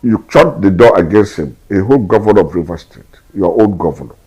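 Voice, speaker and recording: A man's voice: low voice, expressive, brisk, slightly rough, highs cut off. A man with a Nigerian accent giving emphatic political commentary, firing off rhetorical questions and repeating his points. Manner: forceful, repetitive rhetorical questions.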